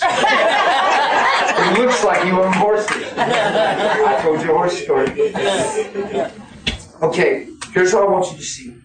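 A man in his fifties preaching a sermon, folksy and animated, laughing as he tells stories. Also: high-pitched. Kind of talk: sermon with storytelling. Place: church hall. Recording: echoey hall from far off, crowd. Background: congregation.

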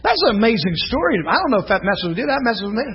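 A middle-aged male pastor preaching an animated sermon, telling stories with shouts and laughter. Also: high voice, racing, breathy edge. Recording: dull lo-fi sound, faint congregation.

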